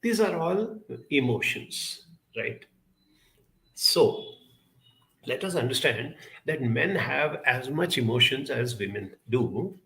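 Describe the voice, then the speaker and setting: A man's voice: mid-range voice, lively intonation, slow pace, fairly bright tone, poor audio. A man, a counselor giving an earnest, explanatory talk to camera and putting questions to the viewer.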